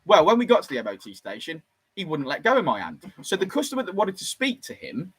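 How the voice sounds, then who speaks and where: Bloke, thirties, garage owner spinning a yarn, very lively pitch, slightly raised voice, dry sound. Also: male voice, fast talker, breathy edge, no echo, poor audio. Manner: lively, animated, acts out the other voices. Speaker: garage workshop owner telling a story. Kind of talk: casual storytelling.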